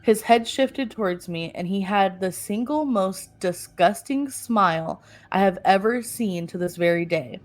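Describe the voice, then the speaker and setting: A woman's voice: mid-range voice, a little slow, few pauses. Woman reading a story with laughing asides. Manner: reads aloud with laughing asides and self-corrections. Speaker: podcast co-host reading a story. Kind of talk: casual storytelling podcast.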